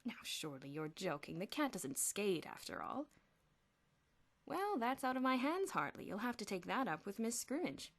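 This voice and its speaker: A woman's voice: medium pitch, sing-song. Woman playing a smug headmaster. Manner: genteel, smug, drawn-out. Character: pompous middle-aged male headmaster.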